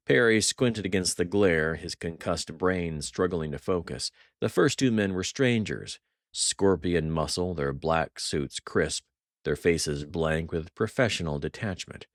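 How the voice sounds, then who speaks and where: A man narrating a thriller audiobook in a measured, dramatic way. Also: low voice, dry recording, studio quality.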